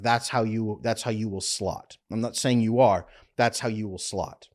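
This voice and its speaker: Blunt, emphatic male relationship coach. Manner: emphatic, blunt, animated with frequent pitch jumps. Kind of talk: direct-to-camera advice talk.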